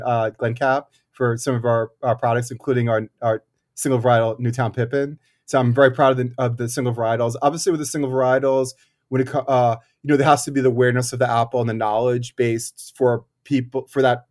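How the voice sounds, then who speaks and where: A man, a cider maker and guest, talking in a thoughtful, halting way with many fillers and restarts. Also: mid-range voice, a little mellow. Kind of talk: casual interview talk.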